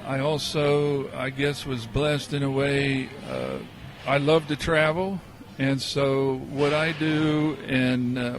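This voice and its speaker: A man from the United States, a professor being interviewed on a podcast, who answers hesitantly with many "uh" pauses. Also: mid-range voice, a little hiss or hum. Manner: hesitant, many uh fillers and restarts. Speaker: guest, professor.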